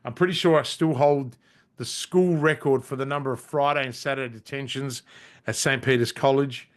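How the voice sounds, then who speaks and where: A man's voice: medium pitch, fairly even intonation, normal speed. A middle-aged Australian man, a podcast guest, tells business stories bluntly and casually, with frequent swearing and restarts. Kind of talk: casual interview storytelling.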